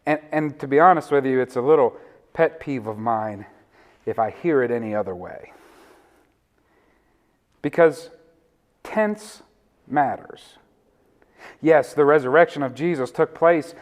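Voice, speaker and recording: A male pastor delivers a sermon in a fairly high voice. He chuckles between phrases and leans on single words for stress. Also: animated, normal speed, pauses often. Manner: warm, laughs often, stresses words.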